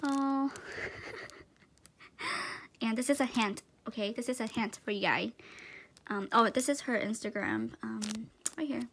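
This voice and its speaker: A woman's voice: on the high side, animated, unhurried, long pauses. Gushing young-sounding woman unboxing. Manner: gushing, breathless exclamations, drops to soft whispers. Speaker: vlogger. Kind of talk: excited unboxing chat.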